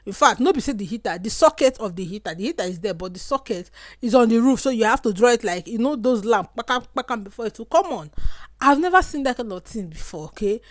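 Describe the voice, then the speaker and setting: A young Nigerian woman with a Nigerian accent, chatting casually to camera and mixing Pidgin asides into her lively storytelling. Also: on the high side, fast, no room sound. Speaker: vlogger.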